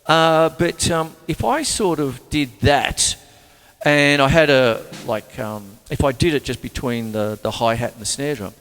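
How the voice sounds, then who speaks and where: An Australian drum teacher with a mid-range voice gives a chatty, rambling lesson at a slightly slow pace, counting beats aloud as he plays a kit. Loud drums and music fill the recording, which has a long hall reverb.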